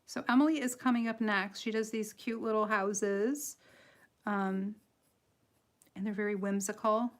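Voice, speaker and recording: A woman's voice: medium pitch, steady tone, measured pace. Chatty Michigan woman coloring live. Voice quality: nasal. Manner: chatty, giggly, self-deprecating, rambling. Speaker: livestream host and coloring artist. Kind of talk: casual tutorial chat while coloring.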